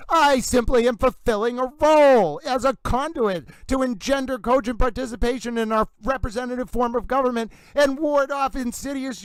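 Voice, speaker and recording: A man's voice: very high voice, clean tone, dry recording, rough recording. A man hosting a livestream, commenting on a trial in a playful, theatrical mock horse-racing announcer style. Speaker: livestream host.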